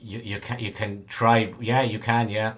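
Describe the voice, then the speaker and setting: A man's voice: on the low side, flat delivery, a little slow, muffled recording, a little hiss or hum. A man narrating a tabletop game as game master, rambling, swearing casually and laughing often.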